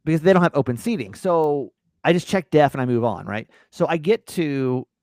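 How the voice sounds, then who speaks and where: A podcast host with a fairly high voice tells a rambling story at a moderate pace, casual and animated, swearing and laughing along the way. The sound is clean studio audio with no room sound.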